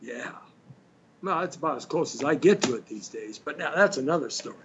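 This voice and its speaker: An older man hosting a radio show, wandering through chatty, joking asides at an easy pace. His voice sits a little high for a man. The studio feed sounds dull and lo-fi, with faint hiss underneath. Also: animated, fairly quick, fairly bright tone. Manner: rambling, chatty, jokey asides. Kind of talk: casual radio monologue.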